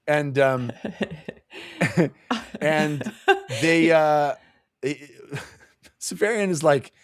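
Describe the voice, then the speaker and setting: A man co-hosting a relaxed book club talk, retelling chapters with bursts of laughter and quick put-on quotes. His voice swings widely in pitch. The sound is dry, with no room around it. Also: dry recording. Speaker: podcast co-host. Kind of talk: casual book club chat.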